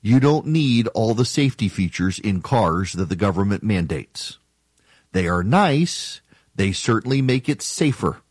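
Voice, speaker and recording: A man's voice: fairly low pitch, sing-song, measured pace, breathy edge, dry recording. A man hosting a talk radio show, delivering an opinionated monologue in an emphatic, argumentative way and mocking his critics.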